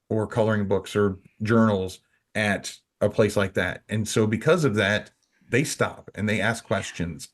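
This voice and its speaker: A man co-hosting a podcast, talking casually and rambling, full of restarts and "you know". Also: lowish voice. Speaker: podcast co-host.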